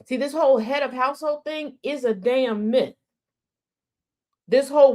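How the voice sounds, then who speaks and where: Woman, sarcastic commentary host, higher voice, fired-up rhetorical questions. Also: a little slow, long pauses, a little mellow. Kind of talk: opinionated livestream commentary.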